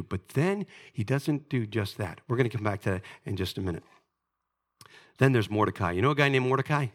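With lively intonation and a brisk pace, a middle-aged man delivers a sermon as a pastor. He dramatizes scripture stories, moving between booming, emphatic moments and soft, low-voiced lines.

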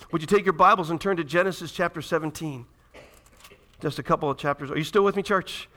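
A man preaching a sermon to a congregation, reading scripture aloud and swinging from loud, urgent passages to hushed, dramatic ones. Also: a little high. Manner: reads scripture aloud, addresses the congregation directly. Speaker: pastor.

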